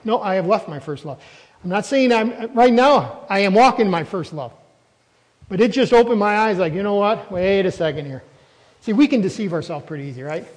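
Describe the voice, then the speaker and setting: A man's voice: high voice, lively intonation, brisk, darkish tone, long reverb tail, rough recording. A man preaching a sermon as a pastor, emphatic and throwing questions at the congregation.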